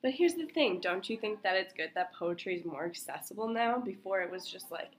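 A woman's voice: mid-range voice, lively intonation, brisk, a little hiss or hum. A young woman co-hosting a podcast, easygoing and earnest in casual chat. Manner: easygoing, earnest, defends her points with a laugh. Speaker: podcast co-host.

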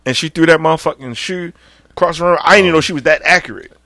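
Casting: man, slightly high voice, dry close recording, loose profane storyteller. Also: rapid-fire, dry recording. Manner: animated, profane, cracks up mid-story. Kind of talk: casual storytelling chat.

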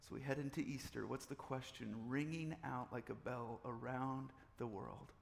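A man's voice: mid-range voice, fairly even intonation, normal speed, gravelly, long reverb tail, slight background noise. A man preaching a sermon, repeating phrases and building up in intensity. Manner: preaching with swelling intensity and repetition. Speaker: pastor.

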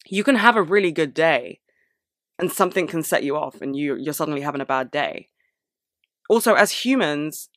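A young woman speaking candidly to camera, frank and sweary, with animated outbursts. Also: sits low, no room sound, clean studio sound. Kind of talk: candid personal monologue.

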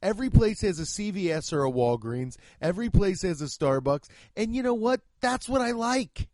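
A man's voice: high-pitched, sing-song, moderate pace, a little mellow, no echo, clean studio sound. A man hosting a solo comedy podcast, ranting and rambling with heavy profanity. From United States. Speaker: podcast host.

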